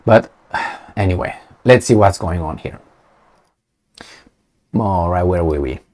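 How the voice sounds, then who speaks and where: A man's voice: sits low, measured pace, a little mellow. A man giving blunt, sarcastic political commentary in a casual way, with many fillers.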